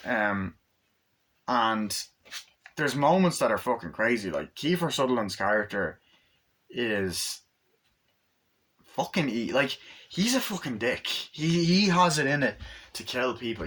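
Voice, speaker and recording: A man's voice: medium pitch, big pitch swings, a little slow, long pauses, fairly bright tone. A man giving a casual, rambling movie review, swearing often and acting out scenes in funny voices. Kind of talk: casual spoken film review.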